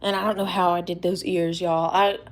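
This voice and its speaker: A woman hosting a casual live Q&A, rambling and chatty and quick to laugh. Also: on the low side, level tone, slight background noise. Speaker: livestream host.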